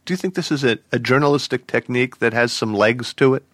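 A man's voice: mid-range voice, fast talker, fairly bright tone, no room sound. Articulate male radio host, dry studio. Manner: playful, articulate interviewer. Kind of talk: radio interview and show credits. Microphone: studio microphone. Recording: dry studio sound with faint music.

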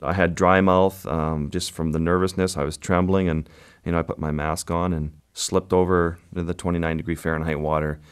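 A man, a wildlife photographer, being interviewed and telling a vivid, unhurried story about his work. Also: deep voice, level tone, clear, resonant tone.

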